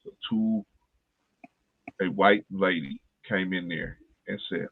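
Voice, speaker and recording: A man's voice: low-pitched, fairly even intonation, a little slow, gravelly, breathy edge. A man hosting a talk podcast, telling a personal story in earnest, casual chat and repeating phrases for emphasis. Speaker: podcast host. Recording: tinny phone-like line.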